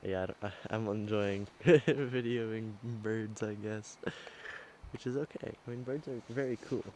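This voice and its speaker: Speaking at a measured pace in a fairly low, darkish voice, a travel vlogger casually narrates outdoors along a trail and at a scenic overlook. He rambles with many fillers and hesitations, and his handheld camera mic gives poor audio with a little hiss or hum.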